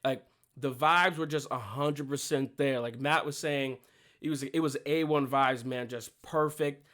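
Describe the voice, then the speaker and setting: A young man hosting his own show, telling stories in a chatty, relaxed way, with fillers and laughs. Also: mid-range voice, measured pace. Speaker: show host. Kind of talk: casual solo talk.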